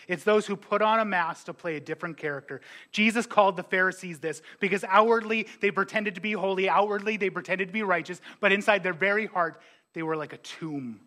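A man preaching as a pastor, animated, with joking asides and quick impressions of his congregants. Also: sits high. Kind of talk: sermon.

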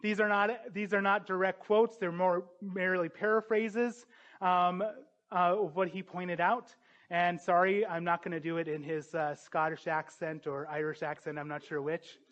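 A man preaching a sermon, earnest and emphatic, building to forceful peaks. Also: high voice, level tone, normal speed, dull audio.

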